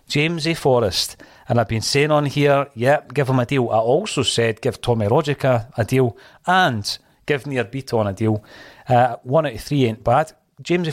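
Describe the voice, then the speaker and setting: A man's voice: medium pitch, dry recording, clean studio sound. Chatty Scottish man hosting a podcast. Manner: reads out viewer comments, chatty and jokey. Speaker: podcast host. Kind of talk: casual live-stream chat.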